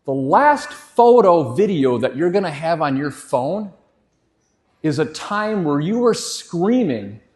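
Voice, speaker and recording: Speaking slowly with a slightly high voice and big pitch swings, the man in his forties keeps the live motivational talk going on stage. Hyped and swearing, he leads the crowd's shouted responses while the large hall echoes with faint crowd sound.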